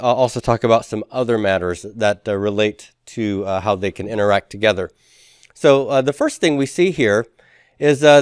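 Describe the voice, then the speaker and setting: In a dry, clean studio recording, a man with a clear, resonant mid-range voice teaches a class lecture-style. He explains things step by step, keeps asking students if they follow, and leans on frequent fillers.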